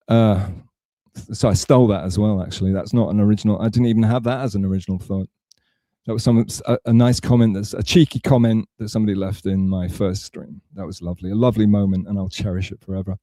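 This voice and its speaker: A man's voice: on the low side, fairly even intonation, quick pace, dark tone, no room sound. A man from England talking on a livestream, rambling and self-mocking, with a sarcastic, digressive way of telling a story. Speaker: streamer.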